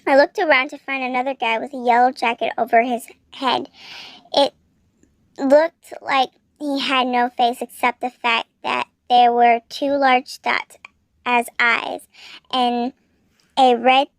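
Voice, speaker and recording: A woman reads a fanfiction story aloud in plain narration. Her voice sits high and her pace is slow. The sound is dry and close. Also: flat delivery, no room sound. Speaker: fanfiction reader.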